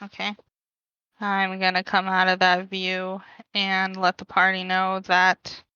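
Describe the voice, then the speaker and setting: A woman's voice: lowish voice, bright, forceful tone, clean tone, no room sound, dull audio. A woman playing a tabletop game, matter-of-fact. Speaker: player. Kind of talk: casual tabletop play.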